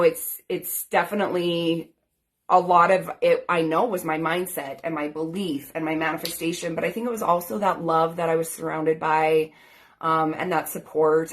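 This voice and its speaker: A woman in her thirties, a life coach, telling her own story in an earnest, grateful, chatty way full of "like" and "um" fillers. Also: low voice. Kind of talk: personal storytelling to camera.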